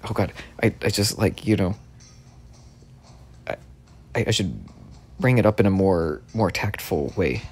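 A man giving excitable let's play commentary, stammering over his words and swearing often, with faint game music behind him. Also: sits low, a little slow, pauses often, breathy edge. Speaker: gaming video creator.

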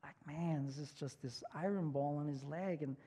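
A male pastor preaching a sermon in a relaxed, conversational way, full of fillers and restarts. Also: a little high, normal speed, husky. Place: church sanctuary. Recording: long church reverb.

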